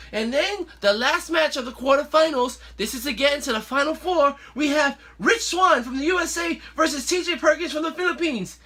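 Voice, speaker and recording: Bright high-pitched excitable male host. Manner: excitable, playful. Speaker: show host. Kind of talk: casual wrestling recap.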